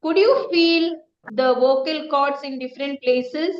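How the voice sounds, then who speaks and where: A woman's voice: high voice, a little slow, slight background noise. A woman teaching a lesson on vocal variety, asking the class questions and demonstrating with singing and acted tones. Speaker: speech trainer. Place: classroom or hall with students. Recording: dull roomy hall recording.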